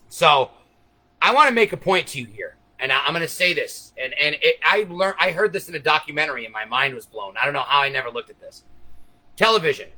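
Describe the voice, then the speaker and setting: High, bright-voiced man ranting profanely. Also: rough recording. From United States. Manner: profane, conspiratorial, addresses viewers directly. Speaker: livestream host. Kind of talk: rambling livestream monologue.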